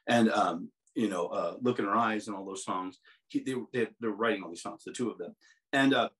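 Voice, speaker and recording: A man's voice: lowish voice, fairly quick, fairly bright tone, poor audio. A middle-aged man telling long, rambling stories as an interview guest, with many restarts, often mimicking other people's voices. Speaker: musician guest. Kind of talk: casual storytelling interview.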